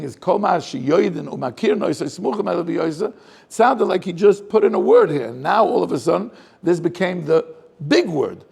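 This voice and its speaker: Gravelly-voiced rabbi probing a text. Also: male voice, on the high side, a little mellow. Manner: probing, asks many rhetorical questions. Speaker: rabbi teaching a class. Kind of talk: Torah class, questioning the text aloud.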